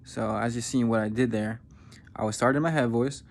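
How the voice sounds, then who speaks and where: A man giving a vocal warm-up lesson as a voice coach, explaining and demonstrating techniques. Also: medium pitch, steady tone, fairly quick, vocal fry, a little hiss or hum. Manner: instructive, demonstrating sounds.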